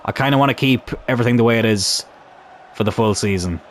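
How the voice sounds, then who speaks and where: A young man commentating on his own football video game in a chatty, animated way, swearing mildly as he plays. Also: medium pitch, fast, slight background noise. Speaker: gaming YouTuber.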